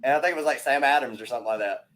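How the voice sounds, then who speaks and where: A man hosting a casual chat, telling stories in an animated way with frequent laughs. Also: mid-range voice, very fast. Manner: animated storytelling, laughs often. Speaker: host.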